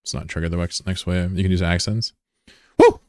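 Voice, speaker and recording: Playing on stream, a deep-voiced man talks casually to his audience, curious and meandering, heavy on fillers like "like" and occasionally profane. He speaks fast with fairly even intonation. It's a close, dry recording with no echo or room sound.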